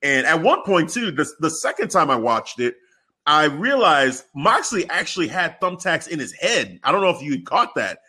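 A man with a fairly high, bright and forceful voice recaps events for his co-host in easy, slangy chat. He tells it with animated energy, piling up "like" and "man" as he goes. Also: normal speed, slightly rough. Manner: animated storyteller, loose and slangy. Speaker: podcast co-host. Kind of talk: casual chat.

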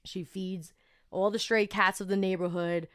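A young woman tells a personal story on her podcast in a loose, chatty way. Her voice sits at a middle pitch, and she fills her talk with casual fillers as she goes. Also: moderate pace, clear, resonant tone. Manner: chatty and animated, many fillers. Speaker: podcast host.

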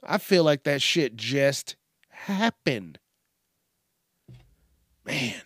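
A man's voice: medium pitch, very animated, drawn-out words, a bit bright, dry recording, clean studio sound. A man hosting a casual solo podcast, rambling and cursing with a slight Southern twang and frequent laughs. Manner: profane, rambling, laughs often. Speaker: podcast host. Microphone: studio microphone.

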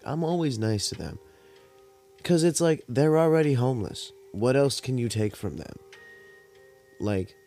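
A man's voice: fairly low pitch, darkish tone. Laid-back, rambling young man. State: cotton mouth, high. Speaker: podcast host. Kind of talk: casual storytelling monologue.

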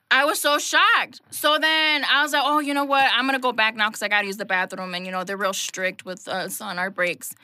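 A young woman telling a crude, animated dating story in casual chat, swearing and laughing often. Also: fairly high pitch, normal speed, no echo.

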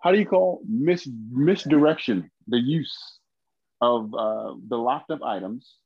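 A man co-hosting a podcast in casual chat, halting and comically rambling. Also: mid-range voice, expressive, breathy edge, dry recording. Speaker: podcast co-host. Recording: dull dry sound.

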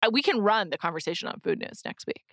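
Bright chatty woman cohost, lots of "like", dry close sound. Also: mid-range voice, lively intonation, fast, no echo. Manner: chatty, many "like" fillers and restarts. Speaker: podcast co-host. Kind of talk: casual chat. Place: in New York.

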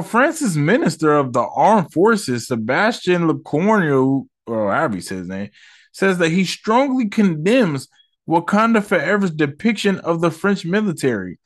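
Young male commentator, slightly high voice, fast slangy casual delivery, profane and explosive in rants. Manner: loud, profane and animated, swinging into high outbursts; slang-heavy, fast rambling with fillers. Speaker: online commentator.

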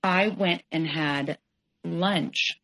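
A woman, a podcast guest, telling a personal story frankly, halting and correcting herself with many fillers. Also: lowish voice, a bit bright, rough recording.

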